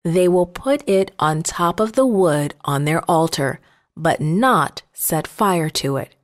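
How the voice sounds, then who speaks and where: Brief: earnest bold male prophet read by a woman, slow and low-pitched, children's Bible storybook. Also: expressive.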